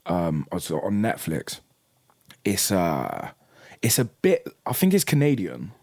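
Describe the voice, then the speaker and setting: Young man, casual chat, low voice, lively swearing storyteller. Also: takes it slowly, no room sound, clean studio sound.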